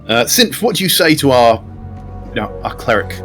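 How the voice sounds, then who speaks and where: A man's voice: mid-range voice, very animated, moderate pace, fairly bright tone, faint music behind. A man running a tabletop game as game master, describing scenes in an easygoing way and asking the players what they do.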